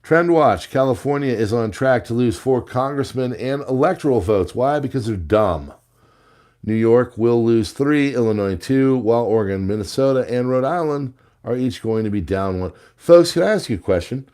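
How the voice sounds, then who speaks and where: Dark-voiced sarcastic male news commentator. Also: mid-range voice, normal speed. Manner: sarcastic, jokey asides between read headlines. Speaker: host.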